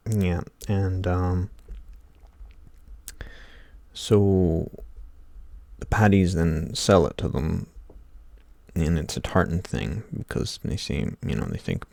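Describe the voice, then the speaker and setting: A man's voice: low voice, lively intonation, takes it slowly, gravelly, long pauses, darkish tone, dry recording, clean studio sound. An Irish man hosting a casual ASMR ramble into a desk microphone at home, swearing constantly and joking wryly. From Ireland. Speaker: ASMR channel host. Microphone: Blue Yeti desk microphone.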